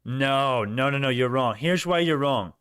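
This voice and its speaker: A young man hosting a stock market livestream, talking straight to his chat viewers with lots of restarts and growing excitement. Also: mid-range voice, a little slow, smooth, no echo, studio quality. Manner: animated, talks to chat viewers, many restarts, rising excitement. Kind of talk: excited live market commentary.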